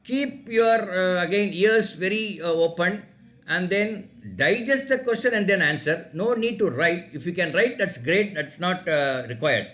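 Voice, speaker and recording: A man's voice: high voice, measured pace, fairly bright tone. A man running an oral quiz for students, repeating each question and spelling words out letter by letter. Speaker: quiz teacher. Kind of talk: online class quiz, reading questions aloud.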